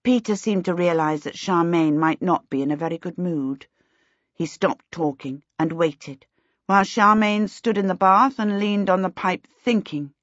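A woman reading a children's storybook aloud in a measured, expressive way. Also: fairly low pitch, no echo, lo-fi sound. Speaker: audiobook narrator. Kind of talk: scripted storybook narration.

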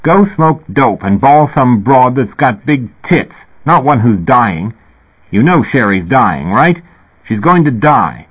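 A man voicing a loud, bullying male therapist who yells and hectors. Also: medium pitch, very animated, slow pace, husky, pitched above the performer's own voice, full character voice. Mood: hectoring. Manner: yelling, hectoring. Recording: tinny phone-like recording.

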